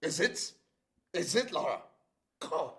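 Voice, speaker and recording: An actor playing a frustrated male ex-convict who keeps his temper in check, gravelly and sinking to a whisper. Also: extremely low pitch, animated, normal speed, fairly bright tone, full character voice. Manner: pained, pleading outbursts. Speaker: ex-convict mechanic.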